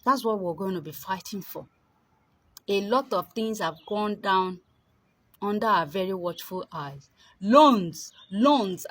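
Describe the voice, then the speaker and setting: Husky-voiced woman commentator. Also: mid-range voice, no echo, rough recording. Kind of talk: political commentary.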